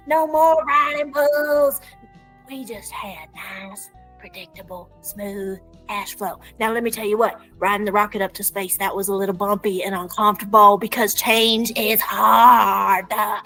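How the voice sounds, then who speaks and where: A woman with a somewhat high voice delivers a comedic promotional monologue in a playful cowboy persona. Her talk is folksy and drawling, heavy on slang. Soft music plays faintly behind her. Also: low-quality recording. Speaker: clinic business promoter.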